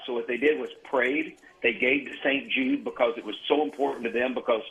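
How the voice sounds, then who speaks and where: A man from Mississippi calls in to a radio show and tells folksy stories in an easy, mid-pitched voice. The phone line sounds slightly dull and muffled. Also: steady tone, fairly quick. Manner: warm, storytelling, folksy. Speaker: guest, singer-songwriter.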